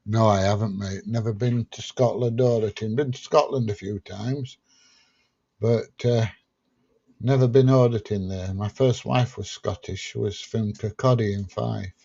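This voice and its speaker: A man's voice: fairly low pitch, steady tone, measured pace, vocal fry, dark tone, husky, muffled recording. A man hosting a casual livestream, reading out viewer questions and answering them plainly. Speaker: livestream host answering chat. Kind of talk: casual chat.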